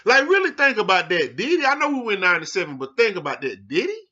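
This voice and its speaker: A man hosting a sports show in a casual rant, heated and profane, swinging from low mutters to loud outbursts. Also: sing-song, fast talker, highs cut off.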